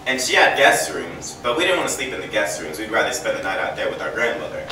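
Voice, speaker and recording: A man's voice: fairly low pitch, very animated, fast, bright, forceful tone. A young man telling a rambling stand-up story, laughing at his own jokes and often saying um, recorded from a distance in a very echoey room. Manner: self-deprecating, laughs at his own jokes, many ums. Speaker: amateur stand-up comedian. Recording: distant mic, very echoey room, faint ambient noise.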